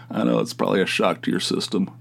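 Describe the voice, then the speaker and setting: A man's voice: sits low, creaky, bright, forceful tone. A man in his forties from West Virginia, hosting a casual solo podcast and rambling with restarts and sighs. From southern West Virginia, US. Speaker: podcast host.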